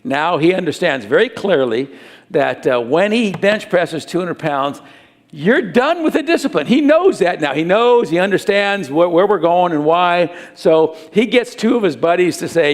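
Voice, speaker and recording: A middle-aged man preaching a sermon as a pastor, animated and acting out little scenes. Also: high-pitched, normal speed.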